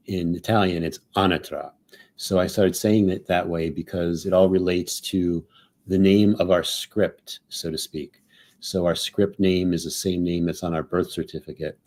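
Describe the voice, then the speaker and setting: A man's voice: deep voice, a little mellow. A man on a panel discussion call, talking casually and thinking aloud with many "like"s and "so"s. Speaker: panel regular.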